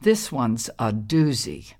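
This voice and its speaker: A kindly, no-nonsense old woman from a folktale, as a woman narrator puts her on. She talks briskly and teases with dry humor. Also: a bass voice, wildly swooping pitch, pitched below the performer's own voice, full character voice. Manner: brisk, gently scolding.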